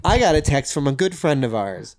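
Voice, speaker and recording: A young man co-hosting a podcast in relaxed, joking casual chat, laughing often. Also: fairly high pitch, fairly quick, no echo, studio quality. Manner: relaxed, laughs often, lively swearing banter. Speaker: podcast co-host.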